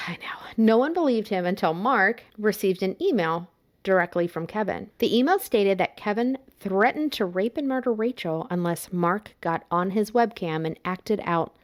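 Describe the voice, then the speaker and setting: A woman's voice: mid-range voice, lively intonation, moderate pace. A woman co-hosting a podcast, narrating a true crime case in a casual, playful way. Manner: casual, playful storytelling with laughs. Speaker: podcast co-host.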